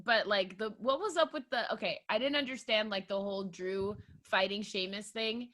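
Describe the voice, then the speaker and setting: A woman's voice: medium pitch, normal speed, fairly bright tone. A young adult woman co-hosting a casual chat, laughing often, swearing, and acting out quotes in exaggerated voices. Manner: laughing, profane, acts out quotes in big voices. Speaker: podcast co-host.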